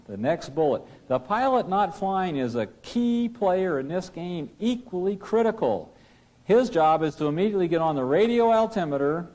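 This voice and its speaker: In a classroom lecture, a man teaching pilots as their flight instructor drives his points home with emphasis. His tone is slightly mellow, and he asks rhetorical questions, dropping low when something matters.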